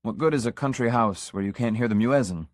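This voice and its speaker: A man's voice: medium pitch, fairly quick, no room sound, studio quality, close to an everyday voice. Man voicing a boastful, volatile young suitor.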